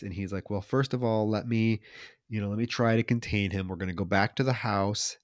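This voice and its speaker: Recapping a horror movie scene by scene, this male podcaster chats loosely, swearing and doing mock voices. He speaks a little fast in a lowish voice, captured as clean studio sound without room noise.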